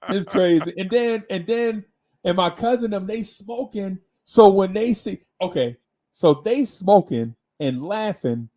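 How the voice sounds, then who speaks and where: A man with a high voice tells a story on a casual talk show. He is animated, laughs often and stumbles over repeated words as he goes. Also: measured pace. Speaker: co-host.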